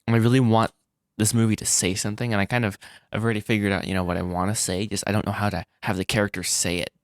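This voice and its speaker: A man vlogging about making his animated film, rambling and self-deprecating, with frequent restarts and little laughs. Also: lowish voice, fast talker, no echo, clean studio sound. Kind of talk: casual solo vlog.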